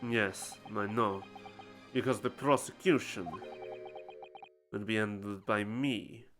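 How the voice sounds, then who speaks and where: A man's voice: fairly low pitch, slow, a bit bright, faint music behind. A man reading the lines of a cold, composed aristocratic prosecutor in a story game, formal and aloof. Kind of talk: reading game dialogue aloud.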